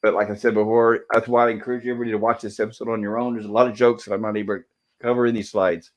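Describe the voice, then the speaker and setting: A man's voice: lowish voice, little pitch movement, racing. A man hosting a show, recapping sitcom episodes over slides in a loose, apologetic way, with many fillers and self-corrections. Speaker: host reviewing episodes of an old TV sitcom.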